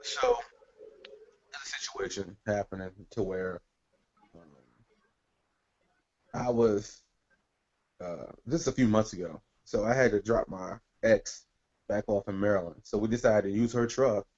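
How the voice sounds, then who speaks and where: A man co-hosting a talk show, giving blunt opinions in a measured, hesitant way with many fillers. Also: fairly low pitch, a little mellow. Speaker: podcast co-host. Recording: dull lo-fi audio.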